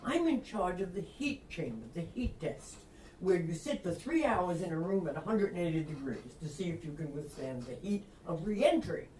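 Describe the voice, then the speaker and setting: Older woman author, Long Island accent, lively storyteller who acts out quotes; distant mic, faint hiss. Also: on the low side, normal speed. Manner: animated storyteller acting out quotes, laughs often. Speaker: author guest. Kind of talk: storytelling interview. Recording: echoey room, distant mic, faint noise.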